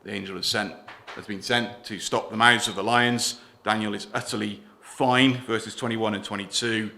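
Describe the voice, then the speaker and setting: A man preaching a sermon in church, earnest, putting questions to the congregation and letting his voice fall softer at the ends of lines. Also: lowish voice, steady tone, moderate pace, creaky.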